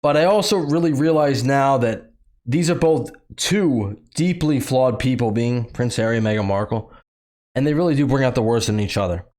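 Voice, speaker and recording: A man's voice: medium pitch, normal speed, darkish tone. A man from the United States reading news excerpts aloud and mocking them in a sarcastic, opinionated commentary. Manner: sarcastic, mocking, laughs at the story; reads news excerpts aloud between his own remarks. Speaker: commentary channel host.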